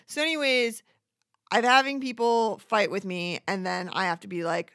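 A woman's voice: mid-range voice, steady tone, normal speed, fairly bright tone, no room sound, studio quality. A woman ranting in a casual, profane, rambling way, self-deprecating and acting out other people's voices as she goes. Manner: acts out quoted voices. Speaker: monologuist. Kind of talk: casual rant.

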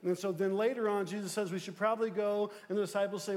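High-voiced man preaching in a hall. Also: quick pace, hardly any pauses, a little mellow. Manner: conversational preaching with frequent fillers and check-ins. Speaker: pastor. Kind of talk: sermon. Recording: long hall reverb.

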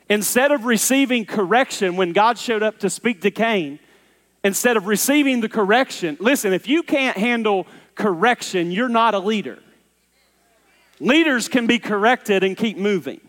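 A man preaches from the pulpit, his voice sitting high for a man and echoing through a church with a long, lingering reverb. He is emphatic, pushing hard on some lines and dropping low and intense on others. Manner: emphatic preacher, swings between loud urging and low intensity. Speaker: pastor. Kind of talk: sermon. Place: church sanctuary.

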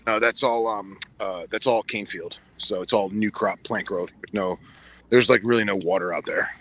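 A man's voice: on the low side, steady tone, normal speed, fairly bright tone, a little hiss or hum. A man out hunting reptiles at night, grumbling and matter-of-fact in casual chat. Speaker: field herper on night road cruise.

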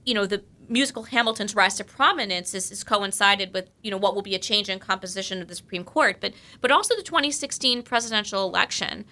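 Woman, panel host, poised and formal, bright voice. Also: mid-range voice, fast, few pauses. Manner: reads a careful, formal question. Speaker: host posing questions. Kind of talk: prepared question on a panel.

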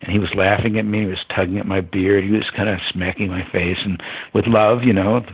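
Husky-voiced older man telling a story. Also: lowish voice, fairly even intonation, fairly quick, muffled recording. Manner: reflective, chuckling, with fillers. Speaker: interview guest. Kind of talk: storytelling in an interview.

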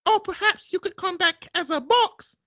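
A woman's voice: very high voice, moderate pace, sharp tone, no echo, pitched above the performer's own voice, exaggerated voice. A woman voicing a posh, adoring woman who gushes in a sing-song way. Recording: slightly muffled, dry.

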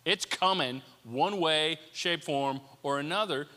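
A man preaching a sermon as pastor, conversational and animated, acting out little asides. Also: fairly high pitch, slow, long reverb tail.

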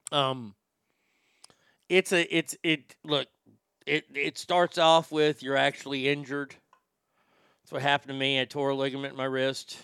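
A man's voice: medium pitch, little pitch movement, measured pace, long pauses, a bit bright, clear, resonant tone, no echo, clean studio sound. A man playing a crude, brash middle-aged radio shock-jock who swears freely and rambles with tobacco in his mouth. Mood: rambling. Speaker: radio host. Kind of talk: comedic radio show monologue.

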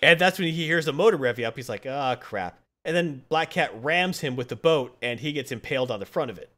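A man's voice: fairly high pitch, quick pace, a bit bright. A man in casual chat, rambling through a story recap with lots of fillers.

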